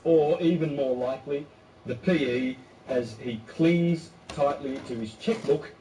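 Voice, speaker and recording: A man's voice: fairly high pitch, a little slow, dark tone, slight background noise. A man giving an emphatic, informal lecture, acting out quotes and often restarting his sentences. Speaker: speaker on court law. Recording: distant mic, echoey room, faint ambience.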